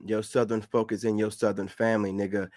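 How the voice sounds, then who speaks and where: Lecturing low-voiced man, dry sound. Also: level tone, fairly quick, darkish tone, dry recording. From the Carolinas, US. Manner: lecturing, repeats points for emphasis. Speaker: commentator reacting to clips. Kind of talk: casual reaction commentary.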